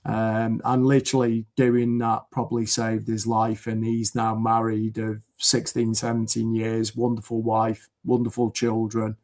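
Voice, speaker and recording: A man's voice: lowish voice, monotone, unhurried, few pauses, a little mellow. A man from the UK, a podcast guest, talking in an earnest, rambling way with many fillers over a video call. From United Kingdom. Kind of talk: casual chat.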